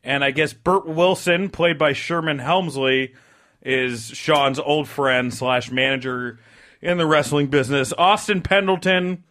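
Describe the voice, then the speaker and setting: A man's voice: fairly high pitch, unhurried, fairly bright tone. A man co-hosting a podcast, chatting casually and laughing often as he defends his opinions. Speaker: podcast host. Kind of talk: casual chat.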